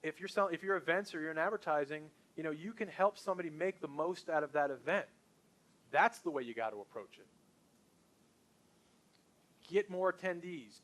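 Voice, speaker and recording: A man's voice: fairly high pitch, a bit bright. A middle-aged man leading a sales training session for a group, talking in an enthusiastic, punchy, conversational way.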